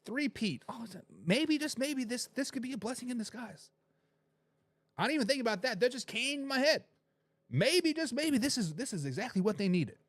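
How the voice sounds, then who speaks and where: A man hosting a casual sports talk show, rambling in an animated way, swinging between loud and low, and talking straight to his viewers. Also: fairly quick, dry recording. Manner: addresses viewers directly.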